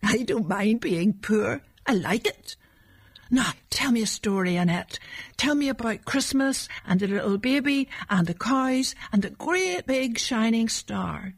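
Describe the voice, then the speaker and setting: A woman's voice: on the high side, lively intonation, unhurried, gravelly, voice pushed up, heavily acted. A woman doing an eager little boy of five. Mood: content. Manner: breathless, pleading whispers.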